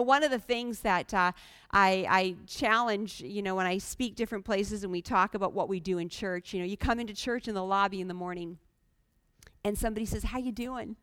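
A woman's voice: mid-range voice, a bit bright, clear, resonant tone, no echo, studio quality. A woman preaching a sermon, earnest and pleading, talking plainly to the congregation with sudden emphatic rises. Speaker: guest preacher.

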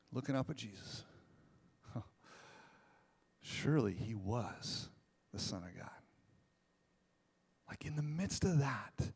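A pastor with a medium-pitched, slightly rough voice and vocal fry preaches a sermon. He swings between hushed, intimate passages and loud, impassioned stretches, tossing in casual asides and rhetorical questions to the congregation.

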